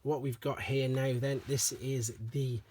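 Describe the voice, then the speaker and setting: A man doing a casual show-and-tell review of collectible toys, chatty and relaxed, often repeating stock phrases like "as I say". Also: mid-range voice, unhurried, slight background noise.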